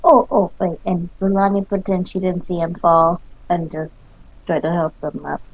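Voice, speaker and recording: A woman's voice: fairly low pitch, fairly even intonation, normal speed, a little hiss or hum, poor audio. A woman player in a tabletop game, talking eagerly about what her character does. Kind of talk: tabletop role-play chat.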